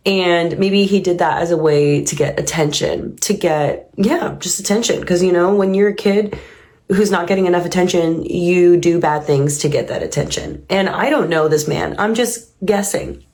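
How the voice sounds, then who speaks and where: A woman with a notably low voice talks through her reaction to a clip. Her delivery is earnest and reflective, thinking aloud as she goes. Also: moderate pace, darkish tone. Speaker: reaction video host. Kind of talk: reaction commentary.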